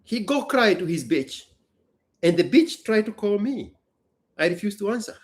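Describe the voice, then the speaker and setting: A man's voice: high voice, big pitch swings, normal speed. A man, a business owner hosting a casual chat, telling a story emphatically and bluntly. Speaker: business owner and show host.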